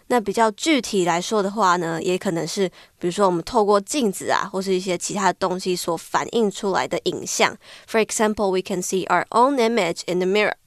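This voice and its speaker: A woman's voice: mid-range voice, a little fast, hardly any pauses, no room sound, studio quality. A friendly woman co-hosting an English lesson. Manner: friendly, explains in Mandarin then English. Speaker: co-host and Mandarin explainer. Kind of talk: bilingual vocabulary explanation.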